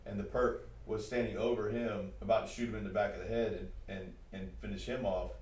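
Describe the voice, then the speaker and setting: A man's voice: fairly low pitch, fairly even intonation, brisk, darkish tone. A man hosting a podcast, chatting casually and animatedly, with many "like"s and repeated words. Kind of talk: casual chat. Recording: roomy sound from a distance.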